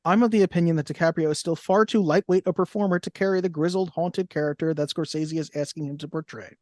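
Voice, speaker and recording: A man's voice: a little high, fairly even intonation, fast, a little mellow, dry recording, studio quality. A young man co-hosting a movie podcast in casual chat, reading cast lists and review quotes aloud. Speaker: podcast co-host.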